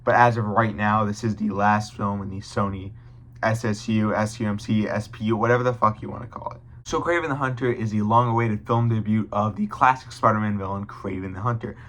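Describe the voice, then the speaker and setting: A man's voice: on the low side, steady tone, a little fast, a bit bright. A young man giving a casual film review to his viewers, blunt and profane, often restarting his sentences.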